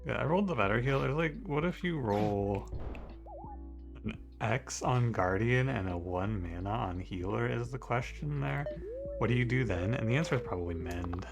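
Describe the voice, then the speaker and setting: A man's voice: medium pitch, moderate pace, creaky, soft background music. A man casually commenting on his own game run, talking to the characters and breaking into exasperated outbursts at bad luck. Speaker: video game streamer.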